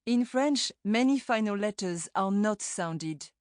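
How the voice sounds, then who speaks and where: A woman's voice: mid-range voice, expressive, takes it slowly, dry recording, clean studio sound. A woman reading a scripted language lesson for an audiobook, demonstrating words carefully. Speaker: language tutor.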